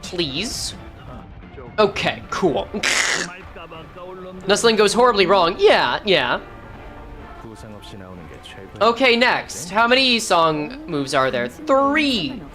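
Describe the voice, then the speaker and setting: Woman, game streamer, casual commentary, thinks aloud, self-correcting, animated voice. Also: medium pitch, extremely slow, long pauses, soft background music.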